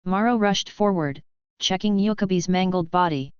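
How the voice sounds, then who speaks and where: A woman narrates a story in an even, measured reading. Her voice is very clear and a little low, with a dry, slightly dull sound. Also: no echo. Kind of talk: storybook narration of fan fiction.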